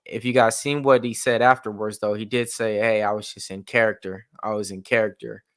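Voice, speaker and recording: A man's voice: fairly low pitch, flat delivery, brisk, a bit bright, smooth, dry recording. A man hosting a live fight watch-along stream, chatting in a loose, rambling way full of slang and fillers. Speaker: stream host.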